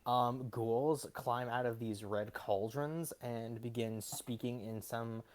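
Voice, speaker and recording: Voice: medium pitch, fairly even intonation, slow, darkish tone. Hesitant game master narrating a scene. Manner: hesitant, many fillers.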